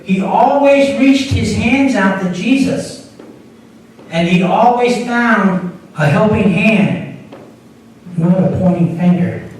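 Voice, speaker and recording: An associate pastor preaches conversationally in a church sanctuary, with small repeats and restarts. His voice is high-pitched, a little dark in tone, and slow-paced with lively intonation, picked up from far off in an echoey room with slight background noise.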